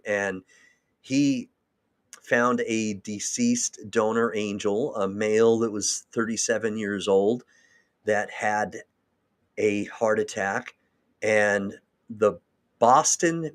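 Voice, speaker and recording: A man's voice: fairly low pitch, slow, fairly bright tone. A man hosting a livestream, talking in a rambling, long-winded and emotional way. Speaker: host. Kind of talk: livestream talk.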